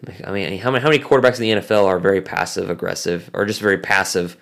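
A man's voice: low-pitched, racing, creaky, a bit bright. A man co-hosting a casual sports podcast, talking with many fillers. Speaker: podcast co-host.

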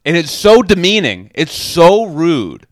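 A man's voice: a little high, very animated, takes it slowly, dry recording, studio quality. Rambling self-mocking man on a podcast. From Massachusetts. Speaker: podcast co-host. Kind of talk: casual chat. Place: podcast studio.

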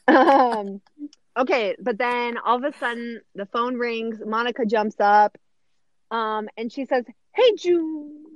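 A woman's voice: medium pitch, no room sound, lo-fi sound. A woman in her thirties co-hosting a podcast, chatting casually with lots of fillers and laughter. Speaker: podcast co-host. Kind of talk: casual chat recapping a sitcom episode.

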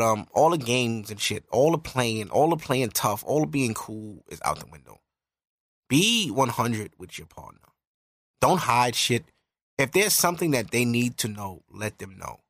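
A young man talking straight into the mic on his own podcast, swearing freely as he hands out earnest relationship advice. His voice sits at an average pitch for a man, and the sound is close and dry with no room echo. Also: fairly bright tone. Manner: candid and profane, earnest advice. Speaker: podcast host. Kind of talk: casual podcast monologue.

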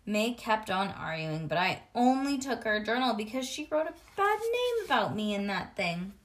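Expressive woman reading a children's book. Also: a little high, normal speed. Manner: expressive, sing-song reading. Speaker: reader. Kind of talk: storybook read-aloud to a child.

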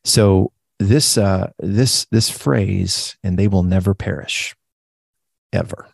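Gravelly low-voiced man teaching scripture. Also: takes it slowly, no room sound, clean studio sound. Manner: enthusiastic, animated, repeats affirmations. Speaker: Bible study co-host. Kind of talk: casual Bible study discussion.

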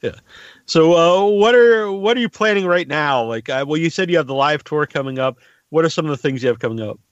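A man's voice: on the high side, lively intonation, brisk, no room sound, dull audio. A man hosting a podcast, asking questions in an easygoing way with short affirmations. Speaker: podcast host. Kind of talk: casual interview chat.

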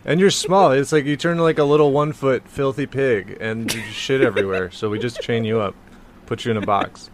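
A man's voice: mid-range voice, fairly even intonation, brisk, noisy background. A man co-hosting a podcast in casual comedic chat, laughing often and mocking quotes he reads aloud. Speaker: podcast co-host.

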